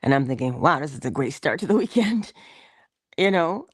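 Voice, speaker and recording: A woman's voice: deep voice, lively intonation, normal speed, slightly rough, no echo, clean studio sound. A middle-aged woman hosting a casual inspirational morning talk, dropping into whispers for emphasis and laughing often as she tells a story. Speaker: host of a morning inspiration show.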